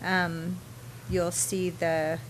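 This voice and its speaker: Woman, lowish voice, budget explanation, matter-of-fact. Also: flat delivery, extremely slow, slight background noise, rough recording. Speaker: staff presenting a budget. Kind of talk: public meeting presentation. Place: public meeting room.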